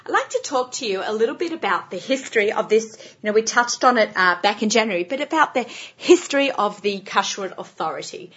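A woman's voice: a little high, lively intonation, fairly quick, few pauses, a bit bright, husky, no room sound, highs cut off. An American woman hosting a casual radio interview show, chatty, with frequent laughs and many fillers.

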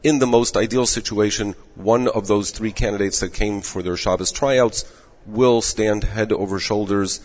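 A man who directs rabbinic placement, giving measured advice in an interview while losing his voice. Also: lowish voice, steady tone. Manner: measured, advising. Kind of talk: explanatory interview answers. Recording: echoey dull room audio.

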